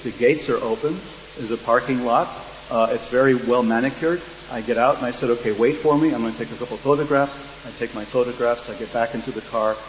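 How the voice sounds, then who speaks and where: A man's voice: mid-range voice, fairly quick. A man on a discussion panel, telling a dry, wry story with quoted dialogue to an audience. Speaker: panel speaker. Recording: echoey hall, faint hum.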